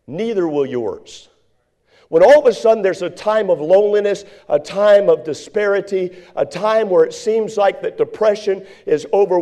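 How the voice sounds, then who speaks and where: A man preaching a sermon as pastor, building to shouted, repeated emphasis. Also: sits high.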